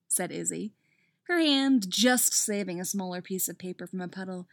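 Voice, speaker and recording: A woman's voice: medium pitch, normal speed, vocal fry, no echo, studio quality. A woman reading a romance story aloud, breaking in with startled asides and swearing as she reads. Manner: expressive, blurts asides and swears mid-read. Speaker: reader. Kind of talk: reading fan fiction aloud with reactions.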